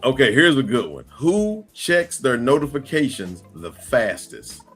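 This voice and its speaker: A man's voice: mid-range voice, a little slow, faint music behind. A man hosting a casual livestream podcast, reading viewer comments aloud and laughing often. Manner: laughs often, lively and playful. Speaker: podcast host.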